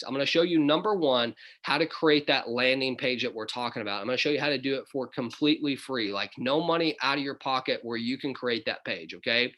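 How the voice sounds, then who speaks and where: A man's voice: medium pitch, fairly bright tone. A middle-aged man with a Southern accent, leading his business group on a motivational call and checking in with "okay?" and "right?". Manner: coaxing, repeats "okay?" and "right?".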